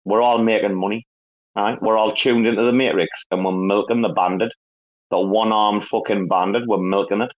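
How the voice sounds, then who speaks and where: A man with an English accent hosts a relaxed online chat for a crypto community, cursing all the time, laughing, and spinning stories in northern English slang. He talks at normal speed in a fairly low, fairly even voice, and the recording is muffled.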